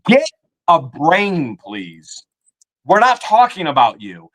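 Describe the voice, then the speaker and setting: Man, live-stream co-host, indignant rant, lively pitch, slightly high voice. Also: slow pace. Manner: indignant, scolding the chat.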